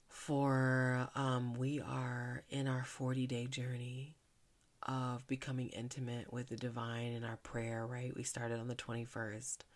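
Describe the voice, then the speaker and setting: Deep, gravelly-voiced woman hosting a faith podcast. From Philadelphia. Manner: chatty and earnest, with soft hushed stretches during prayer. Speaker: faith podcast host and minister. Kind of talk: casual devotional podcast talk.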